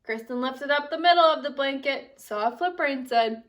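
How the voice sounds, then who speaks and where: Bright storytelling teacher, woman. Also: high-pitched, moderate pace, far from the mic, muffled recording. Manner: animated storytelling with expressive character voices. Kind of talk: reading a picture book aloud to children.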